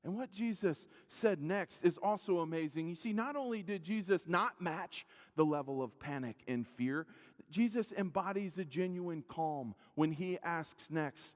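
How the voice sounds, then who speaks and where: Male pastor, earnest sermon delivery, fairly high voice, questions the congregation, long church reverb. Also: unhurried. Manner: earnest, rising louder for emphasis, then dropping low and quiet; asks the congregation direct questions. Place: church sanctuary.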